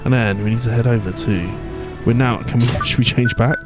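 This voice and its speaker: A man's voice: mid-range voice, steady tone, brisk. Man muttering casual gameplay commentary. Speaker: let's play host. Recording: game music behind.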